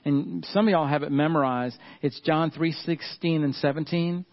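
Middle-aged man, pastor, sermon, earnest, slightly high voice, slightly muffled recording. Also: fairly even intonation. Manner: earnest, slows down and softens on key points.

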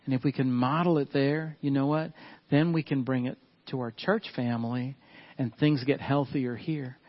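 A man's voice: medium pitch, fairly even intonation, normal speed. A middle-aged man, a pastor, preaching a casual storytelling sermon in church. He chuckles often and addresses the congregation as y'all. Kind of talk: conversational sermon. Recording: slightly muffled recording.

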